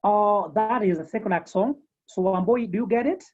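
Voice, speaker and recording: A woman teaching a beginners' French class over a video call, slowly repeating each term several times. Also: medium pitch, mellow, husky, lo-fi sound. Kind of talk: online language lesson.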